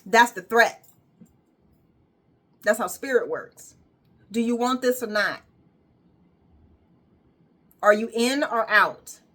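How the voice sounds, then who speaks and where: A woman's voice: on the high side, slow, pauses often, fairly bright tone. A woman wellness coach giving an emphatic, repetitive motivational monologue with casual swearing.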